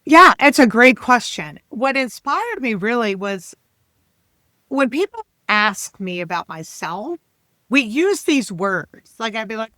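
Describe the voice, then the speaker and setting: A woman's voice: a little high, takes it slowly, no echo. A woman in her fifties, a leadership coach chatting animatedly as a podcast guest. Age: 50s. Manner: chatty and animated, with laughs and restarts. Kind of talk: casual podcast interview.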